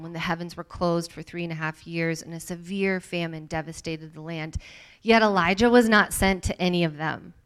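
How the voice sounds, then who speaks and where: A woman leads a Bible study by reading scripture aloud and adding her own comments. Her voice sits in a middle pitch, and her delivery is expressive, rising in the quoted lines. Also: clean tone.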